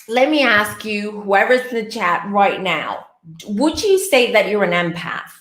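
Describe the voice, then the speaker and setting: A woman hosting a live tarot show, chatting in a warm, upbeat way and greeting viewers by name. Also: mid-range voice, reverberant. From Greece. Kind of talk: casual live-stream chat.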